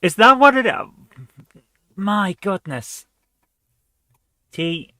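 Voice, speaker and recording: A man's voice: sits high, sing-song, drawn-out words, sharp tone, no echo, clean studio sound. A man hosting a retro gaming channel, reading quiz questions aloud and chatting casually as he guesses the answers. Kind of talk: casual let's-play commentary.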